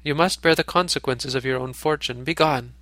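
A man's voice: medium pitch, a little fast, pushed and bright, no room sound, close to an everyday voice. A man voicing a stern, cold male deer leader in a storybook reading, curt and dismissive.

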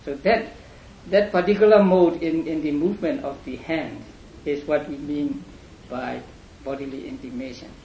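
A man teaching a class in a lecture, speaking haltingly with many fillers and repeated words. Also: on the high side, fairly even intonation, warm tone. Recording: echoey room, faint hum.

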